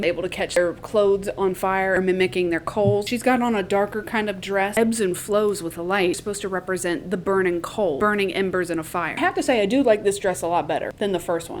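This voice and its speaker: A young woman casually retelling a book plot, blunt and profane with joking asides. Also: medium pitch. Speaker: book recap vlogger. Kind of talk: casual chatty plot recap.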